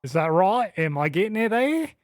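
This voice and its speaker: A man's voice: on the high side, lively intonation, measured pace. A man co-hosting a podcast in a casual, joking chat, teasing his partner and trying out accents. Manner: playful, teasing, tries out accents. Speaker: podcast co-host.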